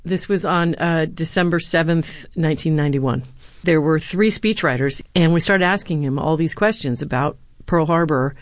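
A woman's voice: sits low, normal speed, no echo. A woman, a former speechwriter and university lecturer, answering interview questions with earnest anecdotes and the odd filler.

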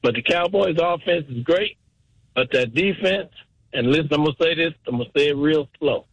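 A man's voice: on the high side, breathy edge, no room sound, poor audio. A man from the Texas Panhandle, calling in to a sports radio show and chatting in a folksy, joking way. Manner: folksy, joking, drawn-out phrasing. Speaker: caller. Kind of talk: radio call-in chat.

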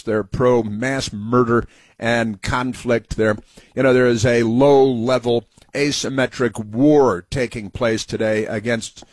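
A man's voice: medium pitch, dry recording. Sarcastic man on talk radio, dry sound. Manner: sarcastic, rambling with many fillers. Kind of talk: political talk monologue.

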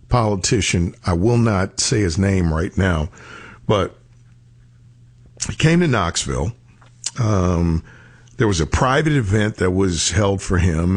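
A man's voice: fairly low pitch, slightly rough. A man telling a story in a casual radio talk show style.

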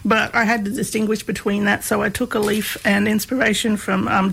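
A woman with a gravelly voice, telling her story candidly with self-mocking humour as an interview guest. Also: medium pitch, fairly bright tone, low-quality recording. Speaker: guest, doctoral researcher. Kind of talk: casual storytelling.

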